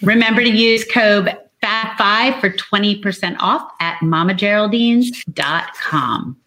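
A woman's voice: mid-range voice, measured pace, sharp tone, faint music behind, rough recording. A playful woman co-host chatting and reading a sponsor spot. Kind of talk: casual chat.

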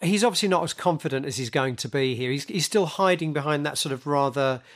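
A man's voice: a little high, fast talker. A man co-hosting a music podcast, chatting casually and wryly, often ending his points with tag questions. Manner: wry, asks tag questions, emphatic. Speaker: podcast co-host.

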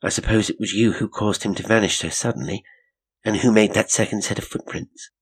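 A man's voice: on the low side, steady tone, fairly quick, husky, voice pushed up. A man voicing a composed, scornful young woman. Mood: calm.

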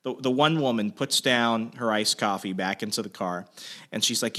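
A man hosting a casual chat, telling a story with lots of swearing and shouted quotes. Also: medium pitch, animated, moderate pace. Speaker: host.

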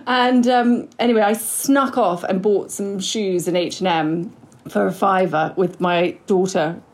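A woman's voice: mid-range voice, steady tone, unhurried. A woman in her forties co-hosting a podcast, chatty and self-mocking, rambling with fillers. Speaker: podcast co-host. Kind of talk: casual chat.

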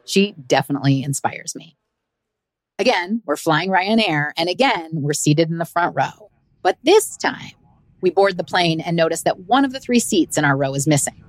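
A woman hosts her podcast and narrates a personal travel story. Her low voice rises and falls with lively expression, and her delivery is wry. The close recording is dry, with no room sound. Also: no room sound. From United States. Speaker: podcast host and comedian.

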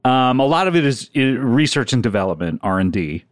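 A man's voice: medium pitch, sing-song, brisk, no room sound, studio quality. Playful, bouncy-voiced man bantering. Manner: playful, teasing, laughs often. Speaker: podcast co-host. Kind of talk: comedic podcast banter.

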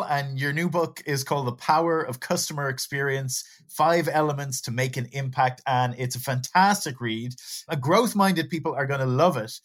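Woman interviewer, deep low voice, introduces the guest.

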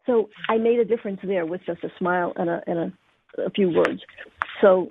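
A woman tarot teacher giving gentle, encouraging readings on a call-in show, with frequent fillers. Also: lowish voice, fairly quick, background noise. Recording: dry, tinny phone-like sound.

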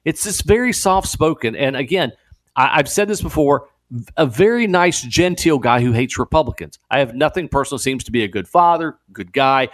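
A man guest-hosting a talk radio show, talking in an animated, incredulous way with laughing asides. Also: medium pitch, normal speed. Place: radio studio.

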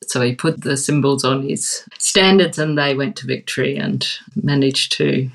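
A woman's voice: a bass voice, moderate pace, creaky. A woman guest expert in an interview, telling stories with enthusiasm and frequent laughter. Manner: animated, laughs often. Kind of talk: conversational interview.

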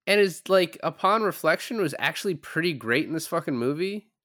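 A man co-hosting a podcast, reviewing a film in casual chat, animated and swearing freely, laughing often. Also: on the high side, fairly quick, dry recording, studio quality. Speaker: podcast co-host.

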